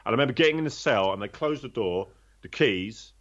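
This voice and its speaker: A man's voice: medium pitch, lively intonation, fast, a bit bright, lo-fi sound. A man telling his own story in a candid, conversational way, blunt and swearing freely, rambling with restarts.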